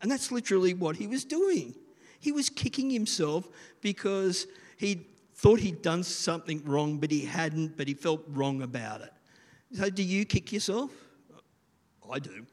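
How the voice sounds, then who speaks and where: A middle-aged man gives an informal sermon in a chatty, rambling way, often checking in with his listeners. His voice sits a little higher than most men's. A long echo hangs in the large room around him. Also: expressive, unhurried. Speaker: children's church leader.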